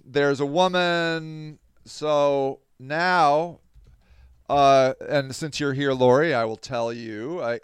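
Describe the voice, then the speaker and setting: A man's voice: medium pitch, clean tone, no echo, studio quality. A man hosting a podcast, reading news aloud and commenting on it in a casual, emphatic way. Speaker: podcast host.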